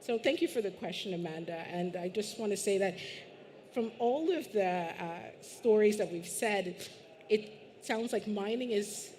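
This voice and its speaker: A woman's voice: mid-range voice, measured pace, darkish tone. A woman from Guyana speaking on a conference panel in an earnest, conversational way, with the odd restart. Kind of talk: panel discussion. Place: conference stage.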